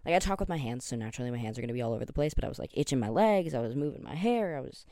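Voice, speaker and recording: A man's voice: mid-range voice, animated, very fast, dark tone, no room sound. A young Canadian man in his twenties chats alone into the mic for his podcast, tired but still chatty. He rambles and cuts himself off, fills gaps with likes and ums, and gets keen about the superheroes he loves. The sound is dry and close, with no room around it. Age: 20s. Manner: rambling and self-interrupting, with many likes and ums. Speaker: podcast host. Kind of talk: casual solo podcast chat.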